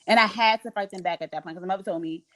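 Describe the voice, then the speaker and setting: A young woman telling a story in casual chat, animated and acting out the voices of people she quotes. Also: medium pitch, rapid-fire, rough recording. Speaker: podcast host.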